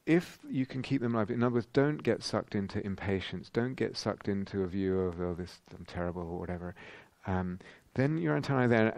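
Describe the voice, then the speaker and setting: A man giving a thoughtful dharma talk as a meditation teacher at a retreat, pausing and restarting as he searches for words. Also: lowish voice, creaky, darkish tone, dry recording. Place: retreat centre meditation hall.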